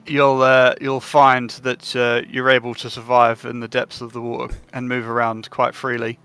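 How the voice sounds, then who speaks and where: A man's voice: medium pitch, monotone, moderate pace, sharp tone, smooth. A man voicing a polite, helpful male official who rambles with many hesitations in a tabletop game. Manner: hesitant, full of fillers.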